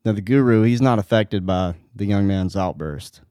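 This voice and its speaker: A man's voice: fairly low pitch, normal speed, dark tone, no echo, clean studio sound. A man hosting a podcast, giving an earnest motivational talk and telling stories straight to his listeners. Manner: earnest, storytelling, direct to listeners. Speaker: podcast host.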